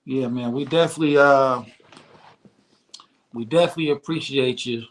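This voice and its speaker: A man hosting an online interview show, talking at a middle pitch. His manner is easygoing and slangy, and he keeps encouraging his guest as they chat. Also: moderate pace. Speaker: radio show host. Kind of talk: casual interview talk.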